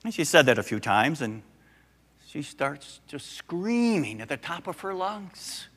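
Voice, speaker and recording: An older man, a pastor, preaching a sermon and telling a story with animated, acted-out voices. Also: fairly high pitch, moderate pace, in a large hall.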